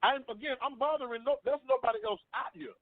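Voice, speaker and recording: A man's voice: extremely high pitch, lively intonation, quick pace, vocal fry, no room sound. Earnest man telling a story over a phone line. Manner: earnest, storytelling, repeats himself. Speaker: panel guest. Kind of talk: personal story on a talk panel. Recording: dry phone-line sound.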